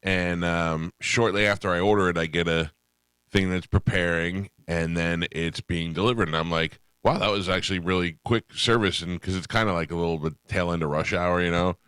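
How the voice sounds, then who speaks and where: Deep bright-toned man telling a story. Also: normal speed, clear, resonant tone, no echo. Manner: animated storyteller, acts out voices in dialogue. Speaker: radio show host. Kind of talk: casual studio banter, storytelling.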